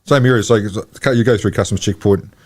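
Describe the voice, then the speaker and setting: A man's voice: lowish voice, normal speed. An older man, a guest in a casual chat, telling rambling anecdotes about his old job.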